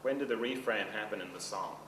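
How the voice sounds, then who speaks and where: A man teaches a seminar in a casual, chatty way, often asking his class if they follow. He is recorded from a distance in a roomy hall, and steady background noise runs under his voice. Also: on the low side, brisk. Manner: conversational, checks in with the class often. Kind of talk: seminar lecture. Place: seminar room.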